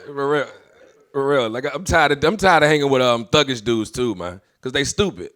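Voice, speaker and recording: Brash, bright-voiced male stand-up comic. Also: medium pitch, moderate pace. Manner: brash, swearing, acts out voices in stories. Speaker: stand-up comedian. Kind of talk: stand-up comedy set.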